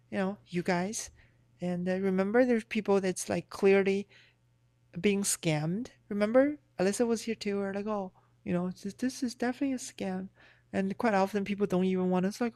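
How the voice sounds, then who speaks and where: A woman's voice: mid-range voice, darkish tone, no room sound, clean studio sound. A woman livestreamer in casual chat, giving blunt, profane, rambling opinions.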